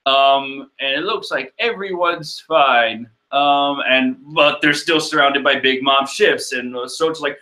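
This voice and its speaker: A man's voice: mid-range voice, a little slow, few pauses, sharp tone. A man casually reading through a manga chapter and rambling with joking asides. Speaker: manga reader host. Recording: echoey room.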